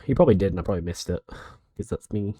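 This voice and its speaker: Chatty male streamer with a lively voice. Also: sits low, very fast, husky, no echo. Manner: rambling, chatty, greets viewers. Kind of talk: casual live-stream chat.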